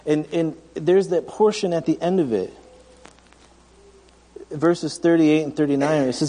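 A man's voice: fairly high pitch, moderate pace, mellow, in a large hall. A man in his thirties preaching a sermon in a conversational, storytelling way, often restarting his sentences. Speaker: pastor.

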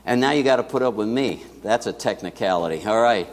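A man preaching a sermon in a church to his congregation, talking in a lively, conversational way with asides to the listeners. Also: medium pitch, fast talker, hardly any pauses, long reverb tail. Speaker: pastor.

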